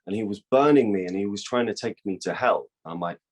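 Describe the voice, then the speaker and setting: A man's voice: on the low side, fast. A young man telling a long story in casual, profane talk, acting out the voices of people in it. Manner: profane, animated, acts out quoted dialogue. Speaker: guest.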